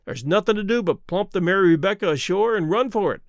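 Brief: man doing a breezy, blunt sailor, lively pitch, dry close sound. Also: fast, no room sound. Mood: cheerful. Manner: cheerful, matter-of-fact.

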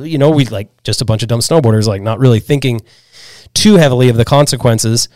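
Animated storytelling snowboarder man, dry sound. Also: medium pitch, fast talker, no room sound. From Pennsylvania, US. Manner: animated storyteller, many "like"s and restarts. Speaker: podcast guest. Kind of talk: casual storytelling chat.

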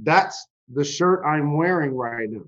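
Slow, earnest podcast host, a man. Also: a little high, expressive, a bit bright, highs cut off. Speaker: podcast host, former pro athlete. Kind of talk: interview questions and personal reflection.

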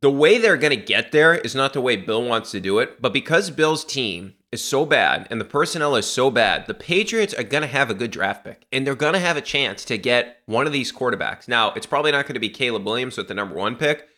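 A man's voice: medium pitch, fairly quick, few pauses. A man hosting a sports podcast, talking bluntly and animatedly about his team. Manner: blunt, animated, laughs while ranting. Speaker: podcast host. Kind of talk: casual sports talk.

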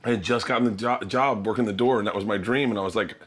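A man in his thirties hosting a casual chat, telling stories with lively energy and laughing through his punchlines. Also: fairly low pitch, quick pace. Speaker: host and comedian.

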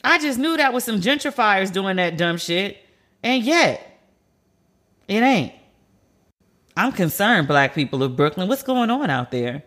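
A woman's voice: mid-range voice, sing-song, measured pace, pauses often, a bit bright. An American woman hosting a podcast, chatting candidly and telling stories with slangy asides. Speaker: podcast host. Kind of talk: casual solo podcast chat.

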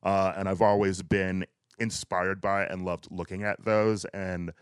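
A man hosting a casual podcast chat, talking in a chatty way with frequent laughs and lively asides. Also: low voice, a little slow, clear, resonant tone, dry recording. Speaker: podcast host.

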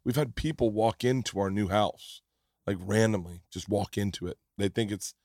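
A man's voice: lowish voice, normal speed, a little mellow, no echo, studio quality. A man hosting a podcast, telling a story in casual chat, often restarting his sentences. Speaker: podcast host.

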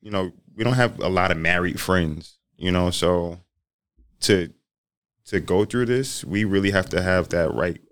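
A young man in casual conversation, talking in halting starts and laughing easily. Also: sits low, clean tone, no echo, clean studio sound. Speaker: groom-to-be guest. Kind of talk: casual chat.

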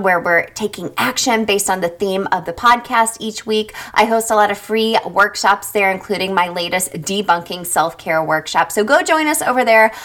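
A woman's voice: medium pitch, a bit bright. A woman hosting a podcast, upbeat and chatty, laughing often. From Indiana, United States. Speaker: podcast host. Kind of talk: podcast monologue. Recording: faint music underneath.

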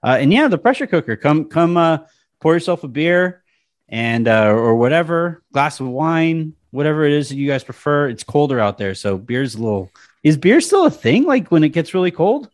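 A man's voice: on the high side, normal speed. A man who writes about sports, a guest on a casual podcast, rambling with lots of restarts. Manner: rambling, many restarts, animated storytelling.

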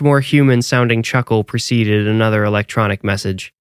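Smooth low-voiced male horror narrator. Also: steady tone, normal speed, no room sound, clean studio sound. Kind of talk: scripted horror story narration.

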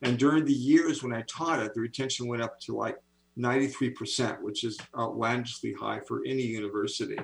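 A man's voice: medium pitch, brisk, vocal fry, rough recording. A man in his seventies telling stories with enthusiasm as an interview guest on a video call. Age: 70s. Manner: enthusiastic, animated storyteller. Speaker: author and speaker, interview guest. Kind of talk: interview storytelling.

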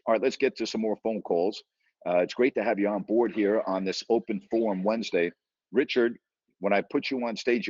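A man's voice: fairly low pitch, darkish tone, dry recording. A man hosting a sports talk radio show, ranting emphatically and taking callers. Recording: dull lo-fi sound.

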